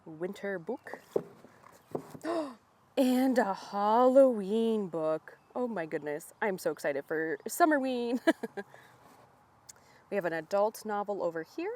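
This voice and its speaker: A young woman vlogging outdoors at little free libraries, chatting with bubbly excitement and reading book blurbs aloud. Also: mid-range voice, a little slow, slight background noise. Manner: bubbly, excited, laughs often.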